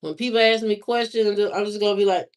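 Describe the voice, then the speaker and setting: This woman, a livestream host from Indiana, USA, chats casually with her live viewers, her talk slangy and drawling, full of repeats and fillers. Her voice is mid-range with fairly even intonation, and she speaks a little fast.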